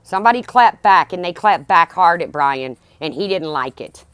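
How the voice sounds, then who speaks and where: A woman's voice: lowish voice, animated, normal speed, a bit bright, clean tone, no room sound. A middle-aged woman ranting bluntly and heatedly on her livestream, swearing as she talks to her viewers. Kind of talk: angry livestream rant.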